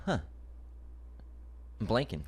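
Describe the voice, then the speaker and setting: A man co-hosting a movie podcast in casual chat, playful and upbeat as he reads reviews aloud. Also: slow pace. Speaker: podcast co-host.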